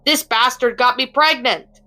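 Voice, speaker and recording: A woman voicing an angry young woman who shouts harsh accusations. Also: sits high, a little slow, pitched above the performer's own voice. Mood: furious.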